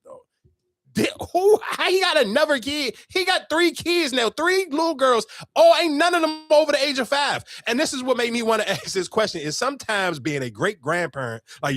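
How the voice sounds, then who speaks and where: A young adult man hosting a podcast, telling a story in animated, profane casual chat with sudden outbursts. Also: fairly high pitch, dry recording, studio quality. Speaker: podcast host.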